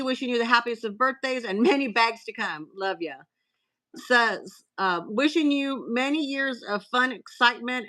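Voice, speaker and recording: A woman hosting a casual live stream, reading out cards and messages in a chatty way with filler pauses. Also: fairly high pitch, sharp tone, rough recording.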